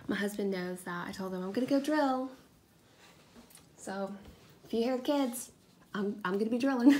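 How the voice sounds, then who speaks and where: A woman in her thirties hosting a crafting vlog, telling a rambling, self-deprecating story in a casual chatty way, sometimes dropping to a hush. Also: medium pitch. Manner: drops to a hush at times, kids asleep nearby. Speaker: craft video host. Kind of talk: casual chat while crafting.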